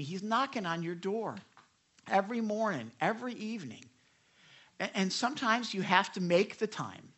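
A pastor with a high voice preaches to a live church audience in an animated, chatty way. He acts out quotes, with many restarts and laughs along the way.

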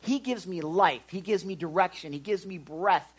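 A man preaching a sermon in church, animated, swinging between loud and hushed and asking the congregation questions. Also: high-pitched, moderate pace, slightly rough, highs cut off. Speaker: pastor.

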